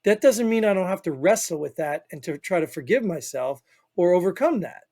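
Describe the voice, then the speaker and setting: A man's voice: high voice, lively intonation, a little fast, a little mellow. A man with a Northern US accent, co-hosting a podcast in opinionated casual chat, rambling and emphatic with frequent "you know what I mean.". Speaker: podcast co-host.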